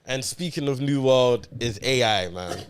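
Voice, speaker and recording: A man's voice: mid-range voice, normal speed, clean tone. A man, co-hosting a casual podcast chat, laid-back and full of banter. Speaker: podcast co-host.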